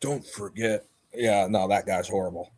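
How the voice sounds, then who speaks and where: A man's voice: on the low side, fairly even intonation, moderate pace, a little mellow. A man hosting a livestream, chatting casually and mocking others as he rambles. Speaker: livestream host. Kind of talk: casual chat.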